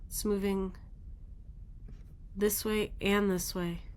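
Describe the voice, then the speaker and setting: A woman's voice: mid-range voice, flat delivery, slow, a little mellow. A woman hosting a daily weather radar show, thinking aloud in casual, rambling commentary as she looks at the maps.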